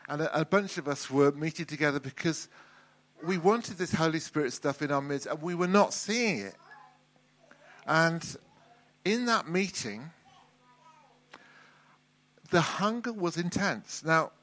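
A man preaching in an easy, conversational manner, stumbling and circling back over his words as he goes. His voice sits a little higher than most men's. He sounds middle-aged. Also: lively intonation, unhurried, pauses often, fairly bright tone. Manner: conversational, frequent restarts and repeated words. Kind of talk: sermon.

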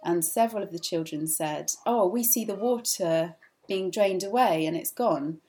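A woman with a slightly low voice gives an informal teaching talk at church. She speaks earnestly and casually, pausing often on "um" as she tells personal stories. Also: warm tone. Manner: earnest, conversational, many filler ums.

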